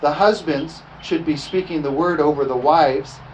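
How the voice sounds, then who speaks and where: A male preacher delivering a sermon in church, animated, often chuckling and calling out "amen?" to the congregation. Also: on the high side, normal speed, slight background noise, rough recording. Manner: animated, chuckling, frequent call-and-response "amen?". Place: church service, also streamed online.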